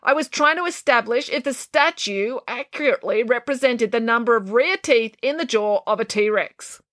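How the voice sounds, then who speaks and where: Woman doing a squeaky fretful schoolboy. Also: expressive, moderate pace, fairly bright tone, no echo, studio quality. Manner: pleading, fretful. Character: nerdy anxious boy stuck in a statue.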